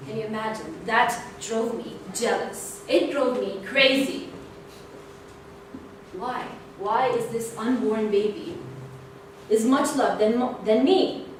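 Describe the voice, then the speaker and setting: A woman's voice: fairly high pitch, slow. A young woman giving a prepared club speech, telling a playful story with animation. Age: young adult. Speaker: club speaker. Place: meeting room. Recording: echoey room, distant mic, background noise.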